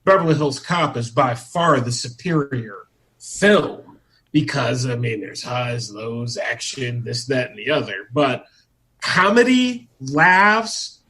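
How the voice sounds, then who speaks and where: A man's voice: medium pitch, animated, takes it slowly, pushed and bright, low-quality recording. A man co-hosting a podcast, giving emphatic opinions in casual chat. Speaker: podcast co-host.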